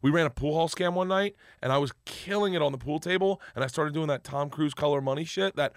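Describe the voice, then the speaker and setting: A man telling a long story in casual chat, animated and profane, acting out the other people's lines. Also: a little high, fast talker, no room sound, studio quality. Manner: animated, profane, acts out quotes. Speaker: guest storyteller.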